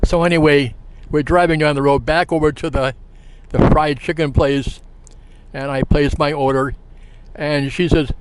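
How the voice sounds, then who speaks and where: A man spins a casual anecdote, wandering and halting, with plenty of uhs and restarts along the way. His voice sits a bit higher than most men's. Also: steady tone, a little hiss or hum. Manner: rambling and halting, full of fillers and restarts. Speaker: storyteller.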